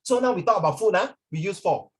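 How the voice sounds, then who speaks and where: Guy teaching english, kinda high voice, rambles, drops mandarin bits, keeps asking the kids true or not. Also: animated, fast talker. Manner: rambling, often checks in with students; mixes in Mandarin phrases. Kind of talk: classroom lecture.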